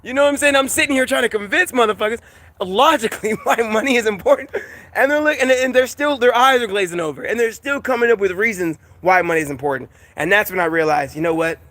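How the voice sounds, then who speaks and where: A man ranting casually in a vlog, animated and profane, laughing often and repeating himself. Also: high voice, fast, no room sound. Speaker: vlogger. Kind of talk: casual rant to camera.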